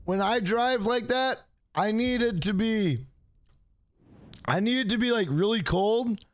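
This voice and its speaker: Tired dude on stream, highish voice that swings around, keeps trailing off and repeating bro, dry close mic. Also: male voice, slow, no echo. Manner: weary and mumbling, trailing off low, repeats himself with "bro". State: exhausted. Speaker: gaming streamer. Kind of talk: casual live-stream chat.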